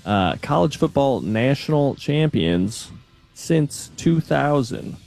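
Gravelly-voiced male radio producer. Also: medium pitch, big pitch swings, slow, a little mellow, faint music behind. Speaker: video producer. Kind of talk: casual sports talk radio.

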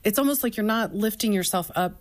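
A woman's voice: mid-range voice, brisk. A woman speaking as a guest, telling her own story of faith and doubt in an earnest, flowing way. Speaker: podcast co-host and author guest. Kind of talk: candid personal faith talk.

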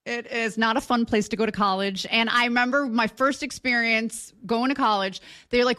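A woman's voice: fairly high pitch, a little fast, few pauses, pushed and bright. A woman from Kansas hosting a talk show, chatting playfully with her guest. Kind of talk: casual interview chat.

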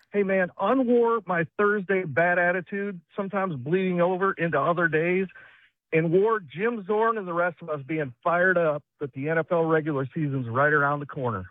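High-voiced male caller on tinny phone. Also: normal speed, no room sound. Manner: sarcastic, mimics others. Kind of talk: phoned-in rant. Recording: tinny dry phone line.

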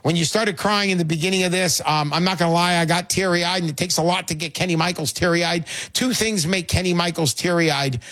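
A man's voice: sits high, steady tone, fairly quick, hardly any pauses, fairly bright tone. A man hosting a call-in radio show, talking in a brash, jokey, salesy way.

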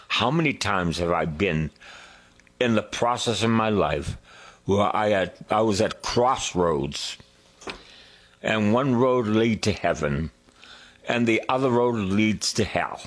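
A man preaching a sermon, drawing out his words, singing a hymn line and dropping to hushed whispers. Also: lowish voice, animated, breathy edge. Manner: slow, drawn-out preaching with sung lines and hushed whispers.

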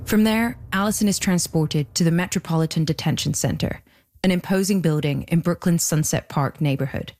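A woman hosting and narrating a documentary podcast from a script, with a measured delivery. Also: on the low side, darkish tone.

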